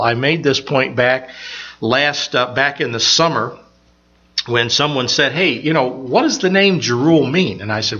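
Folksy man preaching, bright voice. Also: mid-range voice, normal speed, dull audio. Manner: rambling, folksy storytelling with many fillers. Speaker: pastor. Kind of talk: sermon. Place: church.

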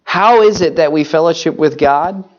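A man's voice: fairly high pitch, moderate pace, highs cut off. A man preaching a sermon, earnest and pleading, often calling his listeners folks.

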